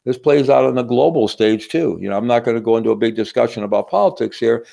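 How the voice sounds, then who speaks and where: A man with a low, gravelly, dark voice delivers a teaching talk in a relaxed, conversational way. He keeps turning to the audience with a quick "right?" before moving on. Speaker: workshop speaker.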